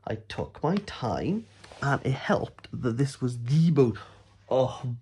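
A man's voice: mid-range voice, animated, slow pace, warm tone. Playful rambling man. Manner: rambling, playful, silly asides. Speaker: book vlogger. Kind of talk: comic book recap.

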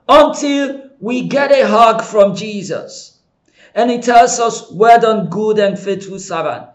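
High-voiced, slow-preaching male pastor. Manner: impassioned preaching, swinging from soft pleading to shouting. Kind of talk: sermon.

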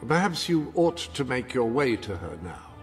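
An actor playing a fussy, formal male royal butler in a video game who speaks with prim, gentle disapproval. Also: mid-range voice, big pitch swings, normal speed, soft background music, close to an everyday voice. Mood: polite. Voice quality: raspy, gravelly. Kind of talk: game character dialogue.

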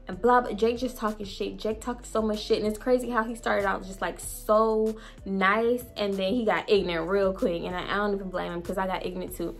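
Young woman vlogger, animated and profane storyteller, faint music bed. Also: medium pitch, a little fast. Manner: blunt, profane, animated retelling. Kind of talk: storytime vlog.

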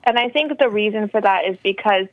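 A woman co-hosting a political talk radio show, giving steady, opinionated commentary. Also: mid-range voice, brisk, no echo, narrow, tinny audio. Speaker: radio co-host.

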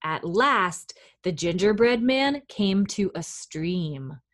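A woman children's librarian reading a picture book aloud at storytime, gentle and encouraging toward young children. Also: fairly low pitch, lively intonation, takes it slowly.

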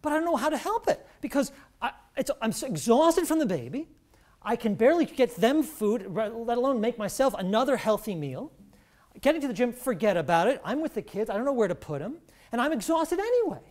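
A woman quoting a worn-out young mother, anxious, pleading, voice climbing high, loud. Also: big pitch swings, brisk. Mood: distressed. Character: overwhelmed young mother, exhausted and scared.

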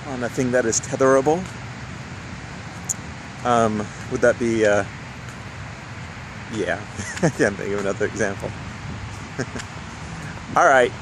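A young man vlogging casually about his photo outings, chatty and quick to laugh as he walks and drives around the city. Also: medium pitch. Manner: chatty, laughs often, thinks aloud while walking and driving. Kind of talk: casual handheld travel vlog. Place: outdoors and in a car around a city. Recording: noisy outdoor street recording.

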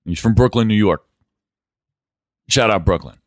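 A man hosting a casual podcast, joking around with deadpan reactions. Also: fairly low pitch, normal speed, dry recording, clean studio sound. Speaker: podcast host. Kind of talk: casual chat.

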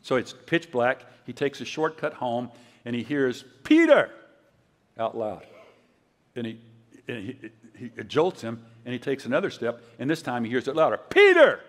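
An older man giving a conference sermon, telling stories in a conversational way and acting out quotes loudly. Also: medium pitch, moderate pace. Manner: conversational storytelling, loud acted quotes. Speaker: preacher. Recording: long hall reverb.

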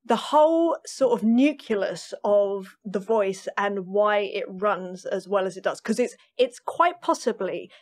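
A woman drummer, a podcast guest, telling stories in a lively, chatty way and laughing often. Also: medium pitch, a little slow, few pauses. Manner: animated storytelling, laughs often. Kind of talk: casual interview chat.

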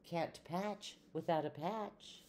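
A woman voicing a cheerful, literal-minded housekeeper in a children's storybook reading, matter-of-fact and bright. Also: on the low side, slow, slight background noise.

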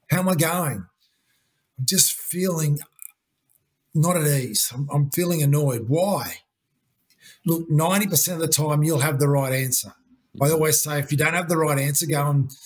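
Husky man, earnest coach. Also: a little high. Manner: earnest, repetitive, uses "you know" and "mate". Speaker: interview guest, leadership coach. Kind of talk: conversational interview talk.

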